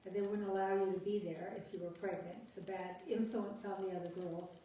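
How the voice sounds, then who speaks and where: A woman's voice: medium pitch, fairly even intonation, dark tone. Older woman chatting in an echoey room. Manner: chatty, laughs easily, quick storytelling bursts. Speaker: host. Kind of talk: casual chat. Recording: distant echoey room with faint noise.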